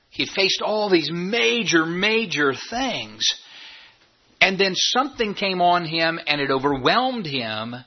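In church, a man preaches with animation, stumbling over repeated words as he tells the story. His voice is on the high side and slightly rough, on a dull, lo-fi recording.

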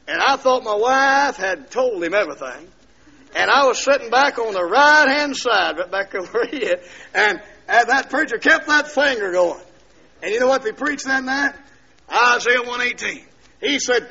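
Shouting preacher, high bright voice. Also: male voice, animated, normal speed, gravelly, slightly rough. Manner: storytelling, swings from hushed to shouting. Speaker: preacher giving testimony. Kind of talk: sermon testimony. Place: church. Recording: dull lo-fi sermon recording.

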